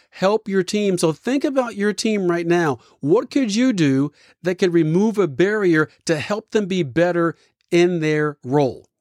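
A man hosting a motivational leadership talk, telling stories in a punchy, energetic way. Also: high voice, dry recording, studio quality. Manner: energetic, punchy storytelling with acted quotes. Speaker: leadership podcast host.

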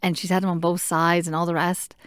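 A woman casually telling a personal story in an animated way, acting out what people said to her. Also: on the low side, fairly quick, clean tone, no echo, clean studio sound. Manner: animated, acts out what others said. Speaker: patient recounting a procedure.

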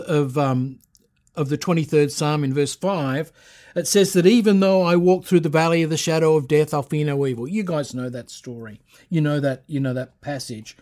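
A man's voice: a little high, darkish tone. Emphatic middle-aged male pastor preaching. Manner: emphatic preaching, rising with repeated phrases; reads scripture aloud. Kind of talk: sermon.

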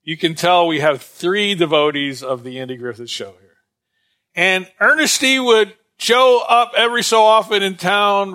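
Guy teaching a bible class, fairly high bright voice, rambling and chatty, lots of uhs. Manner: conversational, digressive, many fillers. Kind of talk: informal Bible lesson.

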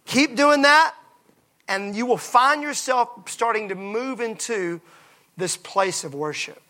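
A pastor preaching a passionate sermon, moving from hushed lines to shouts. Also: male voice, very high-pitched, slow.

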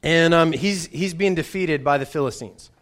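A man's voice: on the high side, moderate pace, fairly bright tone. A man who is a pastor, preaching in a conversational way and often repeating words as he restarts. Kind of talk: sermon with a personal story.

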